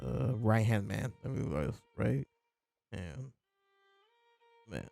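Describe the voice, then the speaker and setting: A podcast host casually reviews a manga chapter, rambling along with lots of fillers and chuckles in a laid-back way. His lowish voice swings widely in pitch, and he speaks slowly with a creaky, mellow quality. Soft music plays in the background.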